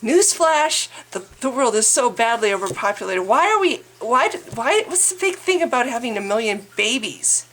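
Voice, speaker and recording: A woman's voice: fairly high pitch, sing-song, moderate pace, few pauses, fairly bright tone. A woman vlogger delivering an angry, exasperated political rant, swearing and stumbling over restarts.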